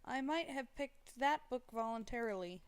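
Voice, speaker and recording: A woman voicing a teasing, bookish young male college student in a live story reading, playful and halting, trailing off mid-word. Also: a little high, animated, clear, resonant tone, natural voice.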